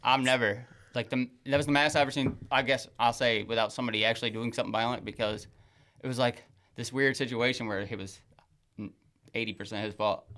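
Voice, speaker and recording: Animated young man telling a story. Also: mid-range voice, quick pace. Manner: animated storyteller, swears freely, acts out his father's rants. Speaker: podcast co-host. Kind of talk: casual storytelling chat.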